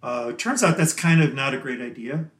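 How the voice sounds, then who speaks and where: A middle-pitched man, chatty and a little fast, appears as a podcast guest in a casual interview, rambling through his answers and laughing easily. The recording carries a noticeable echo, as though captured in a live, roomy space, with noise in the background.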